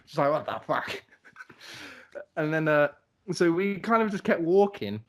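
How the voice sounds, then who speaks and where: A man's voice: a little high, slow pace, fairly bright tone. Rambling young man telling stories. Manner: rambling, laughing, swearing, lots of fillers. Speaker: podcast co-host telling a travel story. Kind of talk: casual storytelling chat.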